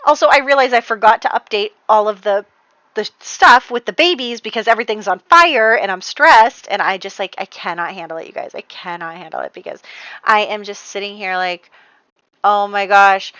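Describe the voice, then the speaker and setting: A woman giving casual voice-over commentary on her game, chatty and animated, often laughing. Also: medium pitch, moderate pace, dry recording, poor audio. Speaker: gameplay narrator.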